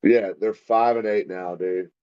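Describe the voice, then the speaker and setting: Man, low voice, wry laid-back game reaction, dry dull recording. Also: steady tone, a little slow, clear, resonant tone, no echo. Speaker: co-host. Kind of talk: casual live game reaction.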